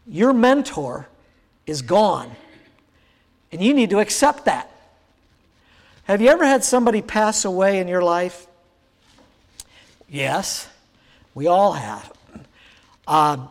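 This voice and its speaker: A man in his sixties with a high voice for a man, preaching a sermon. He tells a personal story in a halting, searching way, full of fillers and restarts. His voice rings out with a long reverb from a large church hall. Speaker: pastor.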